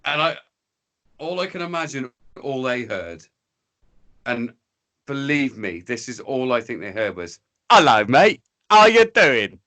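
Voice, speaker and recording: This podcast guest is an Englishman who rambles through stories, swearing and imitating the characters he describes. His mid-range, fairly bright voice has lively intonation, and he speaks a little slowly with frequent pauses.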